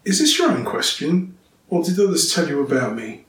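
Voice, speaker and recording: A calm, dignified king speaks in measured, solemn phrases, read by a man. His voice rises and falls freely. The recording is roomy and distant. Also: on the high side, pitched above the performer's own voice. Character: calm, steady male teacher-king, dignified. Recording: roomy, distant, faint ambience.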